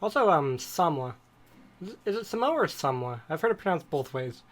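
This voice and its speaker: A man with a voice on the high side speaks expressively and fairly quickly while co-hosting a podcast. Chatting casually, he rambles from one subject to another, telling stories full of digressions.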